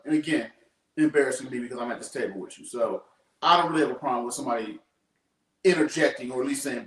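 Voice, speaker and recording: A man's voice: mid-range voice, fast talker, a bit bright. A man giving his frank take in a casual talk about a TV episode, working his thoughts out as he speaks. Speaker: co-host. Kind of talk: casual chat. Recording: roomy, distant mic.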